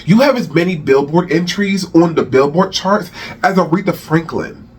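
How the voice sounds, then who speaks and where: Guy going off in a rant, high husky voice, swings up and down a lot, keeps repeating himself. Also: lively intonation, normal speed. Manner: exasperated, profane, repeats phrases for emphasis. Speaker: host of a rant channel. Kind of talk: heated celebrity commentary rant.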